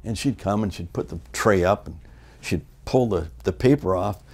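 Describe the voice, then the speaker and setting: An older American man, a former wrestler, telling stories in a shoot interview and acting out the people in them. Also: moderate pace. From United States. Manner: animated storyteller, acts out the people in his stories in loud high voices.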